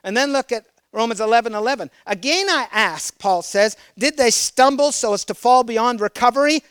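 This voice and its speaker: A man delivers a sermon in a high, smooth, resonant voice, recorded close and dry. He reads scripture aloud, quizzes his listeners and pushes key points with emphatic force. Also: animated, moderate pace, dry recording. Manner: emphatic, rising to loud exclamations; asks the congregation questions. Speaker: preacher.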